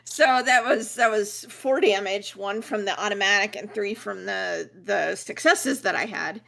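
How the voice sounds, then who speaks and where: A woman's voice: medium pitch, measured pace, creaky, sharp tone. A woman playing a tabletop game, laughing often and counting her dice aloud. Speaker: player. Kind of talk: casual tabletop play.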